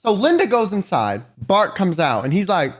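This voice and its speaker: A man telling a storytime vlog story in an animated way, swearing often. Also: high voice, moderate pace. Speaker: vlogger.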